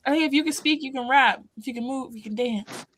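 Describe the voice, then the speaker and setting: A woman co-hosting a live charity stream in casual chat, giggly and excitable, talking over a video call. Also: high-pitched, no room sound. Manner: giggly, excitable, quick bursts of laughter. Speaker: stream co-host.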